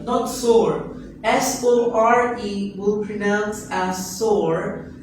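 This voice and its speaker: A man teaching English pronunciation in a classroom, repeating each word slowly and patiently for his students. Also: high-pitched, slight background noise. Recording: echoey classroom recorded from a distance.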